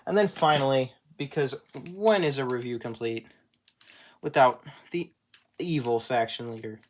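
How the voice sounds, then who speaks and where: A man's voice: mid-range voice, measured pace, a little hiss or hum. Man, casual toy review, rambling, self-mocking jokes, small collector channel. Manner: rambling, joking, self-deprecating.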